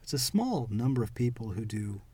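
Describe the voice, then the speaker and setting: A man's voice: medium pitch, very animated, normal speed, warm tone, breathy edge, no echo. A man co-hosting a podcast, chatting casually and teasing with mock seriousness. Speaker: podcast co-host. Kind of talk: casual chat.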